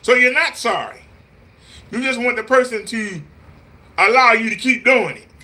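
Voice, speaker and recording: Bright-voiced man preaching casually. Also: very high voice, normal speed. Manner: preachy, repetitive, scolding; mimics voices in quotes. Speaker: vlogger. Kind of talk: casual live-stream talk.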